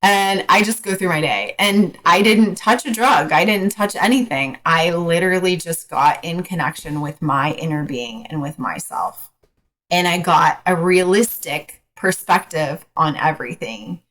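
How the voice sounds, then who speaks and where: A woman coach as a podcast guest, talking frankly in a casual, hesitant way with many pauses. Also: lowish voice, a bit bright, poor audio. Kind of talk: casual interview chat.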